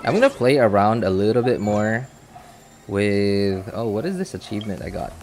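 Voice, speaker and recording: A man with a lowish, darkish voice chats casually while streaming a game, speaking animatedly at a normal speed. He rambles, mocks himself and laughs often.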